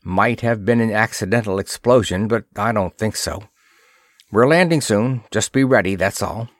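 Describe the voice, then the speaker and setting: An actor playing a brisk, commanding spaceship commander in a read-aloud pulp story, giving clipped orders. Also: male voice, lowish voice, no room sound, clean studio sound, close to an everyday voice. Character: brisk middle-aged male spaceship commander.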